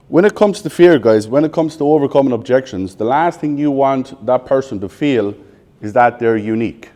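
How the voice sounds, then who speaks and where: An Irish man in his thirties coaches a live room of salespeople, tossing out quick questions and finishing the answers himself. His voice sits at an ordinary middle pitch, and his delivery is blunt and laced with swearing. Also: mellow. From Ireland. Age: 30s. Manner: quizzes the audience with rapid questions, blunt and profane. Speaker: sales trainer. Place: training room with a live audience.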